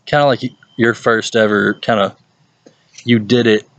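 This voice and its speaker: A young man, a youth pastor telling stories in a casual, animated way and often laughing. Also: lowish voice, normal speed, dry recording, lo-fi sound. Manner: animated storytelling, laughs often, puts on voices for people he quotes. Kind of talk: casual talk to a youth group.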